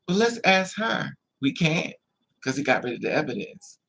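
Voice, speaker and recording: Vlogger, male, a little higher-pitched, gravelly and husky; animated storyteller who acts out the other people in his story. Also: normal speed. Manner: repetitive, emphatic. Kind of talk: storytelling monologue.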